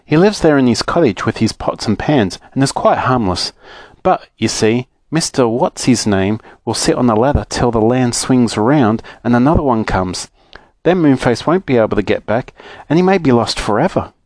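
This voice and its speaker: Aussie man as a fretful storybook fairy girl, raised pitch, lively, dry close read. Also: moderate pace, no echo, lightly acted. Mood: tearful. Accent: Australian. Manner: sobbing, fretful. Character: tearful gentle fairy girl.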